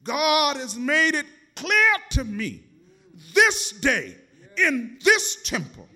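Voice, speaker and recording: A preacher voicing the boy Jesus at twelve, earnest and solemn, drawing his words out slowly. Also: very high voice, huge pitch swings, pushed and bright, voice pushed up, exaggerated voice. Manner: slow, drawn-out, intoning.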